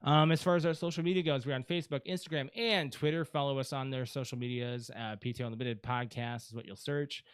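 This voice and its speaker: A man's voice: mid-range voice, fairly even intonation, fast, few pauses, smooth, no echo. A man co-hosting a podcast, chatting casually through channel plugs and sign-off with lots of fillers. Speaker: podcast co-host.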